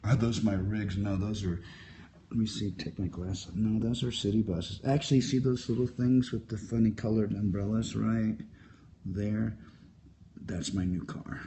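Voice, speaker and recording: Low-voiced man in his fifties, musing. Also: fairly even intonation, warm tone, slight background noise. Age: 50s. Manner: musing, unhurried, wandering from topic to topic. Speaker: livestreamer answering viewer comments. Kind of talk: casual live-stream chat. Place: hotel at sunrise. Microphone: phone held for a live stream.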